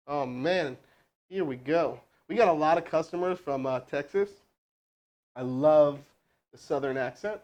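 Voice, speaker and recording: At a normal speed and with a voice on the high side, a man works a live cold sales call before coaching his crew. His speech is casual and riddled with fillers and restarts, and he sounds energetic and rambling.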